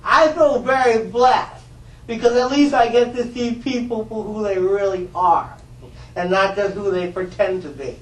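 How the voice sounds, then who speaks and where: A loud, joking, upbeat man, played by a performer on stage. The voice runs high and lively, and carries from a distance through an echoing hall. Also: unhurried. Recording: roomy hall, from far off.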